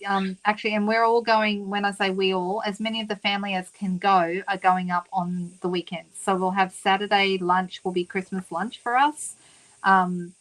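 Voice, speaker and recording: A woman's voice: mid-range voice, fairly bright tone, poor audio. A woman with an Australian accent hosts a papercraft livestream. She chats easily with her viewers and calls them by name. Her talk is loose and unscripted, full of small ums and restarts. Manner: chatty, talks to viewers by name, lots of ums. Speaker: papercraft demonstrator and host. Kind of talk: casual livestream chat.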